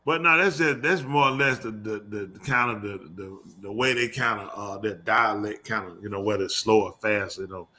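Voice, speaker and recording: Teasing bright-voiced male show host. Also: on the low side, a little fast, few pauses, slight background noise. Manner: teasing, loud, uses dialect grammar. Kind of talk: casual radio chat.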